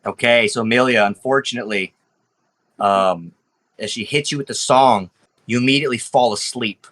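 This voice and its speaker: A man's voice: medium pitch, normal speed, fairly bright tone. A man narrating as game master, casual and rambling, with frequent restarts.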